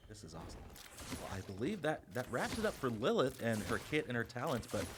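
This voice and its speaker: Lively upbeat male host. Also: medium pitch, fast, noisy background. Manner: upbeat, laughs often, leads the segments. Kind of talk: casual game preview discussion.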